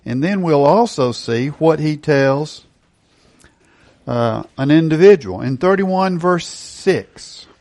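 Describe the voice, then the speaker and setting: A man's voice: a little high, expressive, takes it slowly, a little mellow. A middle-aged male pastor preaching a sermon, emphatic and asking rhetorical questions.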